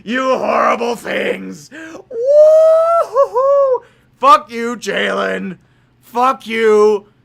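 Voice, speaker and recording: Excitable high-voiced man commentating football. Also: drawn-out words, vocal fry. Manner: excitable, profane, shouts on big plays. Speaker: livestream commentator. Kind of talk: amateur play-by-play commentary.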